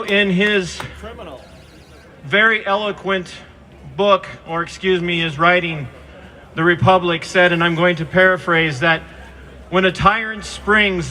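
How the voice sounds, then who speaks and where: A man giving an impassioned protest speech outdoors into a handheld microphone, fervent and at times shouting. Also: high voice. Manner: fervent, addresses the governor directly, rises to shouts. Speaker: protest speaker.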